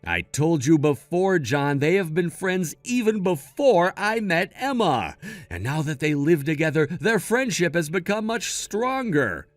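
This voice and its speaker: A man's voice: fairly high pitch, big pitch swings, measured pace, dry recording. A man voicing a level-headed, protective son in a read-aloud text-message story, firm and matter-of-fact. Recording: dry close mic with faint music.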